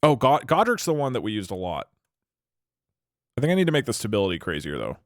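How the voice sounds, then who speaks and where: Animated male streamer thinking aloud. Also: fairly low pitch, fast talker, no echo, clean studio sound. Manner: rambling, thinking aloud with restarts. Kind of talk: casual live-stream chat.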